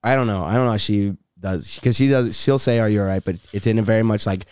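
Relaxed man chatting on a podcast. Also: fairly low pitch, quick pace, clear, resonant tone, no echo. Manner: relaxed storyteller who slips into mock accents. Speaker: podcast co-host. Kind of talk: casual chat.

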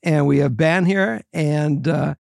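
Brief: gravelly male podcast co-host, playful and excitable, dry close sound. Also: a little high, takes it slowly, no echo. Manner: bursts into loud excited shouting, then chatty and playful. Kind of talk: excited casual podcast chat.

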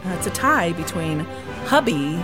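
A woman co-hosting a podcast in casual chat, bubbly and quick to laugh. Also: on the low side, big pitch swings, music in the background. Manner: bubbly, laughs often, sings short bits. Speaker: podcast co-host.

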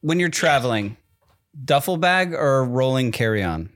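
Excitable man podcast co-host. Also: mid-range voice, a little slow, no room sound, studio quality. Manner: excitable, gets fired up. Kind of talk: casual podcast chat.

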